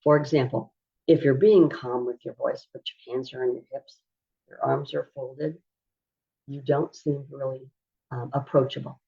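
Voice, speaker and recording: A woman who coaches parents on autism, explaining behavior strategies in a calm, measured teaching style. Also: extremely low pitch, vocal fry, husky. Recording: dull lo-fi recording.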